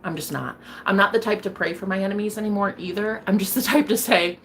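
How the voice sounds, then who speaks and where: Woman streamer, casual chat with viewers, blunt, swears a lot, laughs often, middle pitch, faint background noise. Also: fast, a bit bright. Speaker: streamer reading viewer comments.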